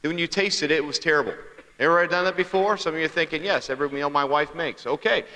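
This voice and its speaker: Bright-voiced man preaching in a reverberant hall. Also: fairly high pitch, fast. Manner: conversational storyteller, asks the crowd questions. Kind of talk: humorous sermon to a congregation.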